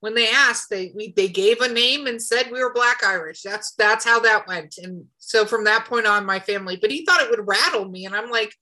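A woman from the United States co-hosting a podcast, chatting casually and telling stories in an animated, expressive way. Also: fairly high pitch, moderate pace, hardly any pauses, rough recording. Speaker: podcast co-host. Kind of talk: casual chat.

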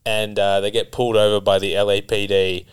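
A man in an improvised comedy chat, pitching dark jokes in a deadpan way. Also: fairly quick, smooth.

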